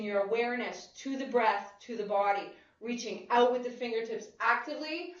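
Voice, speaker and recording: A woman leading a chair yoga class, giving slow, calm guiding cues about posture and breathing. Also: on the high side. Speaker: yoga instructor. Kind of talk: guided chair yoga instruction. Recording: roomy, distant, dull-sounding mic.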